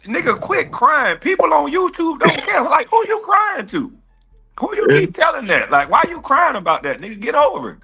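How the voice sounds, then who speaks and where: A man's voice: extremely high pitch, sing-song, moderate pace, vocal fry, sharp tone. A man who is a former pro basketball player, arguing in a heated casual way, taunting and dismissive and swearing a lot.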